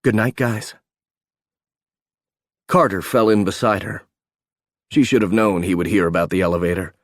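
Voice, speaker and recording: Low-voiced male audiobook narrator. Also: a little fast, dry recording, studio quality. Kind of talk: scripted narration.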